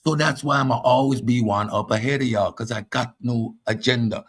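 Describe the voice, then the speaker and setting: A man's voice: mid-range voice, steady tone, a little fast, slightly rough. A man with a Caribbean accent hosting a combative philosophy monologue, boastful and mocking toward his audience. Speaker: host.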